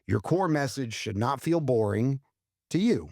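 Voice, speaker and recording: This mid-range male voice is animated yet unhurried, with a darkish tone and studio-quality sound free of echo. He's a podcast co-host on a laid-back marketing show, giving numbered tips in a blunt, emphatic, profane style.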